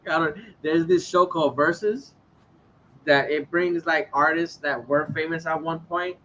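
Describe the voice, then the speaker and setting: A man's voice: a little high, fairly even intonation, a little slow, a bit bright. A young man co-hosting a casual podcast, talking in slang with Spanish words mixed in and laughing a lot. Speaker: podcast co-host. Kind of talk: casual chat. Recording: dull lo-fi sound with faint background noise.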